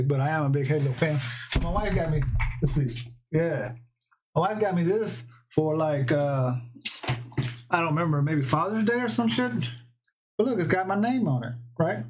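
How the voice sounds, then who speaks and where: A man's voice: a little high, a little hiss or hum. A man in his thirties streaming from home, chatting loosely with viewers, greeting them by name and swearing casually. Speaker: live streamer. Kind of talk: casual livestream chat.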